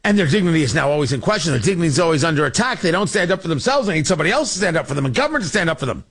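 A man's voice: fairly high pitch, very animated, rapid-fire, fairly bright tone, slightly rough. A man hosting a call-in talk radio show, delivering a fiery, sarcastic political monologue.

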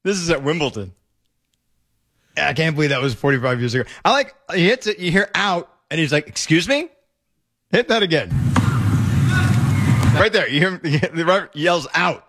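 Animated high-voiced radio host. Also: male voice, fairly quick. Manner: opinionated, animated, laughs often. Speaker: radio talk show host. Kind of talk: talk radio monologue. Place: radio studio.

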